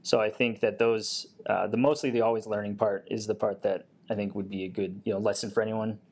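A man with a fairly low voice answers interview questions in a relaxed, easygoing way. He often hesitates and fills his pauses with small filler words. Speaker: guest, Air Force technician.

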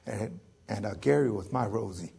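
A man in his thirties, a military veteran, telling his personal story in a public lecture, halting, with many fillers, restarts and joking asides. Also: fairly low pitch, expressive, vocal fry, mellow, slightly rough.

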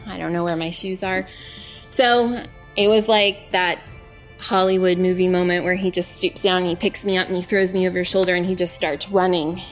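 A woman's voice: fairly low pitch, steady tone, fairly quick. A woman, a former aid worker, telling her own story in vivid first person and mostly in the present tense. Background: faint music.

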